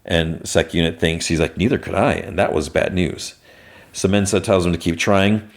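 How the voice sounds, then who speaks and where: Casual male podcast host with a deep voice, chatty episode recap, quick half-acted quotes. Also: gravelly. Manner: animated retelling, lightly acting each character's lines.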